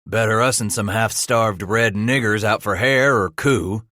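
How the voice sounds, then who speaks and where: A man voicing a big, loud, swaggering frontier trapper leader in a gruff backwoods drawl, for an audiobook. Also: fairly low pitch, measured pace, no room sound, clean studio sound. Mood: gruff bossy.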